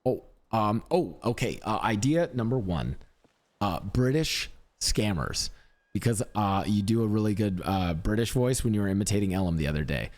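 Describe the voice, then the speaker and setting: A man's voice: lowish voice, expressive, moderate pace, darkish tone. A man streaming live, chatting casually in a rambling, upbeat, self-mocking way. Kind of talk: casual chat.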